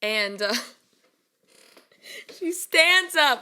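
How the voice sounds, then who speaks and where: A woman vlogger telling studio stories in a casual, animated way, laughing often as she talks. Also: sits high, moderate pace. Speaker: vlogger and music creator. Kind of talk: casual storytelling vlog.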